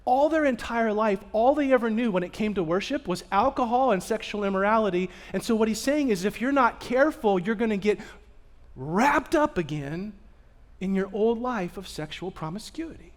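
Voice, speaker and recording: A male pastor preaching a sermon, telling stories with animation and swinging from loud bursts to hushed asides. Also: sits high, lively intonation, normal speed. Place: church sanctuary.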